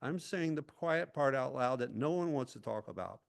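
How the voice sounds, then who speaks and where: Intense gravelly man giving public comment. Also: mid-range voice, expressive, normal speed. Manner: intense, reading from prepared remarks with asides. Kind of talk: prepared public comment at a town hall.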